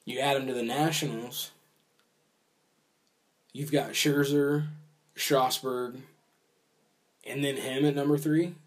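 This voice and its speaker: A man's voice: medium pitch, fairly even intonation, slow, pauses often. Casual man chatting about baseball. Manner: rambling, hedging with "like" and "I mean". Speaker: podcast co-host. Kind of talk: casual sports chat.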